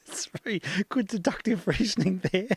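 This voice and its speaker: A man hosting a casual radio stream, chatty and quick to laugh as he introduces old records. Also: high-pitched, breathy edge, no room sound. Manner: chatty, laughs easily, hesitant with fillers.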